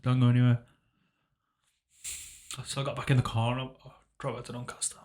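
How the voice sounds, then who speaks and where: A young man on a podcast, recounting a painful memory in a halting, reflective way, often trailing off quietly. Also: medium pitch, level tone. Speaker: podcast co-host. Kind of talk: casual emotional conversation.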